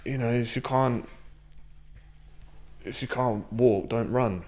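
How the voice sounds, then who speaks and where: A man's voice: medium pitch, fairly even intonation, takes it slowly, darkish tone, slight background noise. Blunt, swearing man. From England. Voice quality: blunt, swears freely, acts out dialogue. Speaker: strength and conditioning coach, guest. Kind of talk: casual podcast chat.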